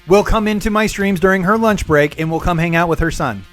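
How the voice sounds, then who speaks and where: A man streaming live, chatting with viewers and rambling through a long personal story, pausing to explain terms. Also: high-pitched, soft background music.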